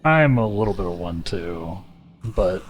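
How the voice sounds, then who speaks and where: Brief: relaxed male streamer, lower voice, chats easily with viewers, faint music underneath. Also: a little slow, breathy edge. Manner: easygoing, chatty, addresses chat directly. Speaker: livestreamer. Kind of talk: casual chat with viewers while gaming.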